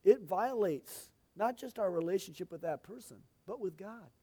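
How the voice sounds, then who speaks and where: Middle-aged male pastor, fairly high voice, homespun and talkative from the pulpit. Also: animated, normal speed, warm tone, slightly rough. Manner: folksy, chatty, asides to the congregation. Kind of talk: sermon-style teaching.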